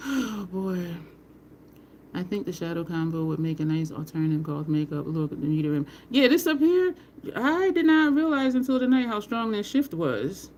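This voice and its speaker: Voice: medium pitch, very animated, moderate pace, a little mellow, a little hiss or hum. A makeup tutorial host chatting casually while working, rambling through stories with frequent laughs and greeting live viewers by name.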